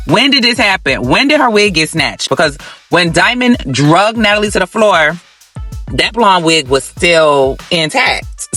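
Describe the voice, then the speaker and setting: A man hosting a reality TV recap, talking to viewers in an animated, sassy and dramatic way. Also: a little high. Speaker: host.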